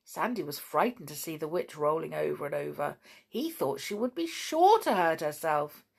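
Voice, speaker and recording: A woman reading a children's story aloud in a slow, expressive way. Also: low voice, gravelly, slightly rough.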